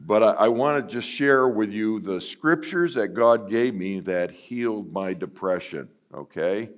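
A middle-aged man preaching a sermon in a conversational, self-mocking way, often acting out quoted lines with sudden jumps up in pitch. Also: lively intonation, measured pace. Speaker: guest preacher. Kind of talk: sermon with personal storytelling.

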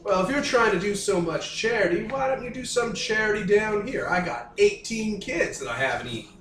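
A scornful reptilian sewer gang boss, as a man puts him on drawls in a Louisiana hillbilly accent and stretches his taunts out slowly. His pitch swings widely, and he sounds roomy and a little distant from the mic. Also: animated, fairly bright tone. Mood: sneering. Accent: put-on Louisiana hillbilly. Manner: taunting, drawn-out sneering delivery. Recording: roomy, distant mic with faint background noise.

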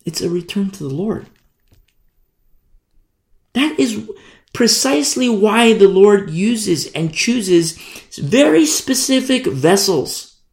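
Lively, echoey male preacher. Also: sits high, slow pace, creaky, long pauses. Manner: emphatic, repetitive, conversational preaching. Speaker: pastor. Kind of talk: sermon.

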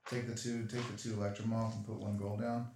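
A low-voiced man playing in a tabletop game, terse and clipped. He is in a very echoey room with faint background noise. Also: level tone, fast talker, darkish tone. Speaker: player.

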